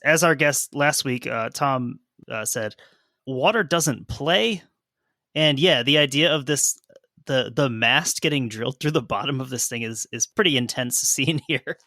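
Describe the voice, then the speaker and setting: A man's voice: mid-range voice, moderate pace, bright, forceful tone, no echo, clean studio sound. A man hosting a podcast, reacting with short laughs and asking follow-up questions in casual chat. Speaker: podcast host.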